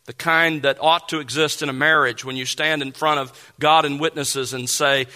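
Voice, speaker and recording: A man preaching an expository sermon, reading Bible verses aloud and explaining them in a measured, emphatic way. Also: a little high, fairly even intonation, pushed and bright. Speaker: pastor.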